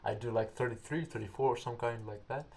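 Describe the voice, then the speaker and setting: A young man, an English speaker, telling a story casually and rambling, searching for words. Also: mid-range voice. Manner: rambling, halting, searches for words, acts out quotes loudly.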